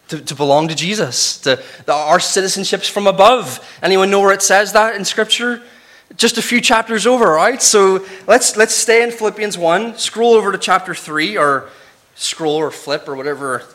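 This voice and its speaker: Casual Northern Irish pastor, clear bright voice, chatty teaching with lots of asides. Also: male voice, sits high. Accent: Northern Irish, softened. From Northern Ireland. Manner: conversational, chatty, with restarts and asides. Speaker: preacher. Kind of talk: casual Bible teaching sermon.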